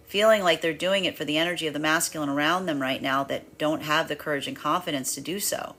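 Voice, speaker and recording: Bright-voiced woman giving a tarot reading. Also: low voice. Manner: rambling and animated, acts out inner voices with laughs. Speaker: tarot reader. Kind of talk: spiritual energy reading, monologue.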